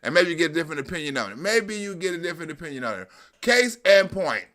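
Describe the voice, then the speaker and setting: Male livestream host, bright forceful voice, casual chat-driven commentary. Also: a little high, very animated, fast. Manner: loose and profane, talks to the chat.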